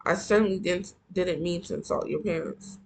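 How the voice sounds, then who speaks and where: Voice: medium pitch, normal speed, vocal fry, a little hiss or hum, lightly acted, poor audio. A reader voicing a stern, lecturing stepfather. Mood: stiff. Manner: lecturing, then stiffly apologetic. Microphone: earphone mic.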